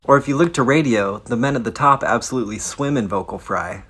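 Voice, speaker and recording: A man speaking with vocal fry in a blunt, casual educational explainer, swearing now and then. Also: mid-range voice, fast, loud music behind the voice. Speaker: science video creator.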